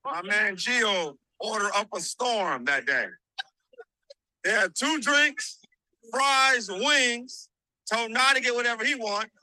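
Bright, high-voiced man telling stories. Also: slow pace, no room sound, poor audio. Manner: animated, laughing, acts out quotes. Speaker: podcast co-host. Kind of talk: casual storytelling.

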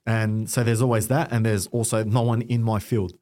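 A man's voice: lowish voice, normal speed. A young Australian man, a podcast guest, telling his story in casual chat, acting out what others said to him. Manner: animated storytelling with acted-out quotes. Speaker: guest content creator.

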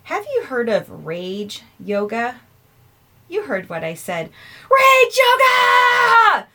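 A woman's voice: medium pitch, very animated, slow pace. A woman hosting a podcast who rambles along in a chatty, offhand way and pokes fun at herself. She laughs easily and keeps things casual while recording herself at home. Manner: chatty, self-mocking, laughs often. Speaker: podcast host. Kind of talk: casual chat. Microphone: earphones in, recording herself.

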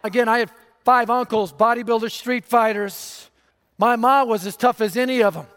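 A man from North Denver giving an energetic, humorous gospel talk on a conference stage, speaking into a stage microphone. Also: extremely high pitch, normal speed, smooth. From North Denver, USA. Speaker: evangelist speaker. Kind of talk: gospel message speech. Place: large conference hall stage. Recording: reverberant hall.

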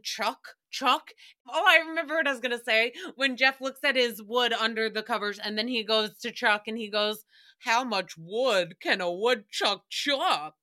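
A podcast host with a slightly high, bright, forceful voice delivers a sassy, giggly comedic recap as a chatty monologue. She jumps between voices and rhymes.

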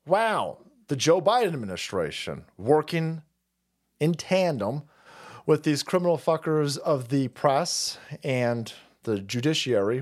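A man running a profane, mocking political commentary stream. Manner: mocking, swearing, laughing, swings loud and low.

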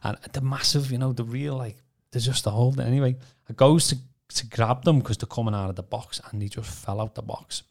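A man from Birkenhead, telling his testimony on a podcast in a casual, animated way with stammering repeats. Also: medium pitch, brisk, hardly any pauses. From Birkenhead, England. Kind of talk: casual storytelling.

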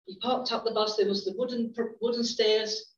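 The speaker is a middle-aged woman preaching as a guest, chatting her way through stories and restarting often. A fairly high, steady voice at normal speed comes through a roomy, distant, dull recording of a church hall.

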